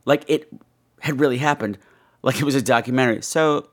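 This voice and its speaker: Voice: mid-range voice, fairly quick. A podcast host giving a blunt, profane film review, acting out scenes with exaggerated voices. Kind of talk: casual ranting film review.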